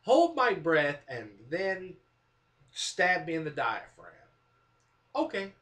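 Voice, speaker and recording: A vlogger with a fairly high voice speaks slowly as he tells a comic personal story to the camera. Animated and self-mocking, he acts out what people said.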